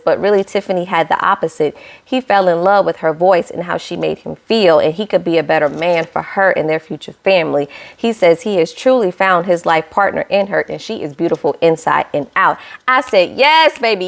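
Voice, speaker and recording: A woman, recapping a reality show episode in a chatty, animated way and talking straight to her viewers with playful asides. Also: fairly low pitch, moderate pace, creaky. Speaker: reality TV reviewer. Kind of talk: casual recap vlog.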